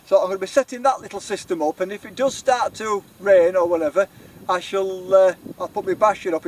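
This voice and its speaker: A middle-aged man with a Yorkshire accent, rambling cheerfully through a camping vlog outdoors on a windy hilltop. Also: high voice. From Yorkshire, England. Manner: rambling, chatty, self-deprecating. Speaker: outdoor vlogger.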